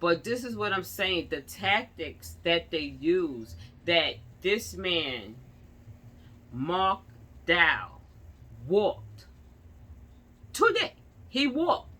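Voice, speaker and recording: A woman's voice: fairly low pitch, lively intonation, extremely slow, sharp tone. A young woman, ranting and telling a story in casual street slang, acting out the people she quotes. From New York. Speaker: vlogger.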